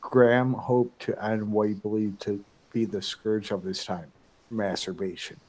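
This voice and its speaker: A man's voice: on the low side, little pitch movement, measured pace, darkish tone, poor audio. A man in casual chat who shares odd trivia and swears casually.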